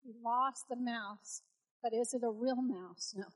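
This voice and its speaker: A woman preacher delivering a sermon, telling a story and exhorting her listeners with animated, emphatic delivery. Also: a little high, unhurried, rough recording.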